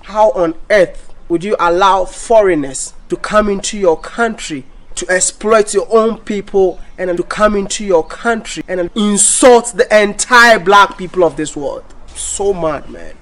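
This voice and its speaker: Man, vlogger, high voice, indignant rant to camera, repetitive, restarts sentences. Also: unhurried, fairly bright tone. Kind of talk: ranting vlog to camera.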